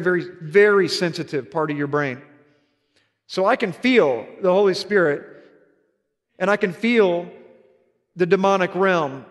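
A man's voice: high voice, big-room sound. A man preaching a sermon as pastor, telling an earnest story with emphatic repetitions.

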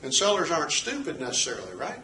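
Echoey teacher asking rhetorical questions. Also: male voice, a little high, wildly swooping pitch, quick pace, sharp tone, slight background noise. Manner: asks the class rhetorical questions; checks in with "okay?". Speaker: economics teacher. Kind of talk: recorded lecture. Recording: echoey room, mic at a distance.

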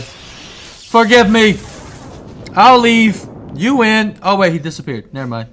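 A young man giving excitable let's-play commentary, swearing, laughing and talking back to the game as he plays. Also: high-pitched, a little slow, pauses often, a little hiss or hum. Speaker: gamer playing through a video game.

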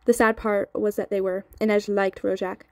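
A woman reading a novel aloud in a steady, even way, with a few slips and restarts, on sped-up audio. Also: medium pitch, normal speed, dry recording. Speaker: audiobook reader.

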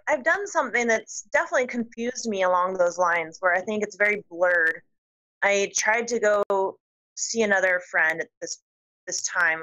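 A woman telling stories as an interview guest, animated and chatty and quick to laugh. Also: mid-range voice, poor audio. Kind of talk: storytelling interview.

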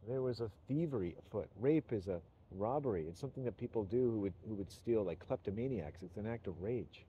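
A man's voice: on the low side, expressive, fairly quick, few pauses, slightly rough, dull audio. A middle-aged man giving an earnest, rambling personal monologue to his channel, swearing when stirred. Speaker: YouTuber.

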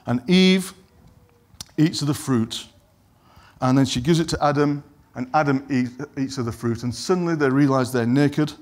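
A man's voice: medium pitch, darkish tone. Conversational male preacher. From England. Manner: conversational, digresses and apologizes, acts out quoted lines. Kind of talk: sermon.

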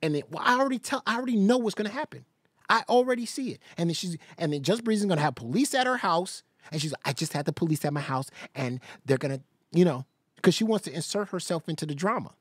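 Lively, laughing man streaming commentary. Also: sits high, fast talker, breathy edge, dry recording, clean studio sound. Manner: laughs a lot, animated gossipy storytelling. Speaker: live-stream reaction host. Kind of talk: casual live-stream commentary.

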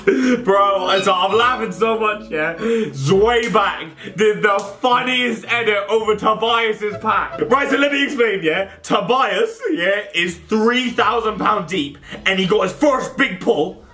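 A young man reacting loudly and excitably as a video host, with swearing outbursts. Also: sits high, slow, hardly any pauses, faint music behind. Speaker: YouTuber host. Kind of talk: pack opening reaction commentary.

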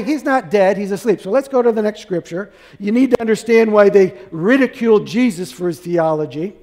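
High-voiced preaching man in a reverberant hall. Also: a little mellow. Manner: preaching with rhetorical questions to the congregation. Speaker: pastor. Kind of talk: sermon.

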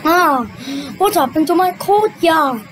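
Very high-voiced woman reading slowly. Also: expressive, slight background noise, poor audio. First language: Vietnamese. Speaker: storyteller voicing a cartoon retelling. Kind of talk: slow children's story reading.

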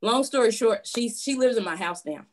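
A woman's voice: a little high, expressive, moderate pace. A woman on a live call giving an earnest, grateful testimony, with nervous filler words. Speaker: caller sharing a testimony.

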